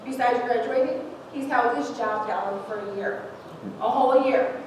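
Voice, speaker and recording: At normal speed and with a fairly high pitch, a woman in her forties delivers a moving testimony during a church service in the sanctuary. Laughing through tears, she's heartfelt, and the recording is noisy, echoey and distant-miked.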